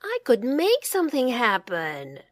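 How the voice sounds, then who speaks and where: Woman reading as a mischievous shepherd boy, high and shouty, dry close sound. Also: wildly swooping pitch, a little slow, no room sound. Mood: bored. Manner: high calls for help, shouting. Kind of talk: storybook reading.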